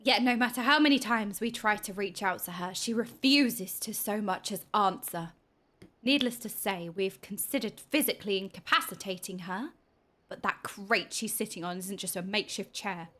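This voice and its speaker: A woman reading the lines of a solemn elf advisor aloud in a lower, hushed and earnest voice. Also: lightly acted.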